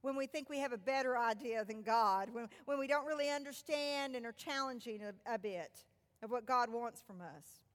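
A woman preaching a sermon, retelling a scripture story in an animated way that moves from loud passages to hushed ones. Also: on the high side, normal speed, big-room sound.

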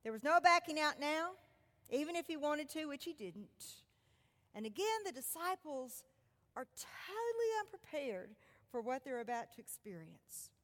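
A high-voiced woman preaching, her pitch leaping up and down as she tells the story. She shifts between loud, forceful stretches and soft, hushed ones. Her voice rings with a long reverb. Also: sing-song, normal speed. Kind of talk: sermon retelling a scripture story.

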